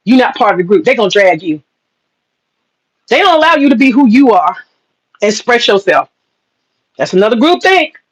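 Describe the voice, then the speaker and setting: A woman's voice: a little high, sing-song, moderate pace, pauses often, breathy edge, highs cut off. A woman vlogger on a heated opinion rant, talking straight to her viewers, profane and emphatic, hammering her points with repetition. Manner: talks straight to viewers, says she is getting upset.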